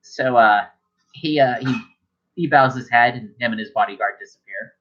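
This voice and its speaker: A man's voice: mid-range voice, normal speed, fairly bright tone. A man narrating as game master in a casual tabletop session, swearing freely and restarting his sentences. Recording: dull lo-fi home recording.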